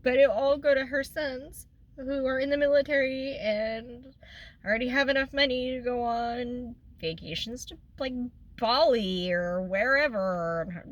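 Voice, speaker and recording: A woman's voice: on the high side, unhurried, lo-fi sound. A young woman vlogger venting in a casual storytime chat, upset and close to tears.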